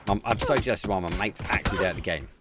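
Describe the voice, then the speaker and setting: A man casting a live esports match as a community caster, chatty and excitable, talking to viewers between plays. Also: sits low, very fast, heavy background noise. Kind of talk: live community game commentary.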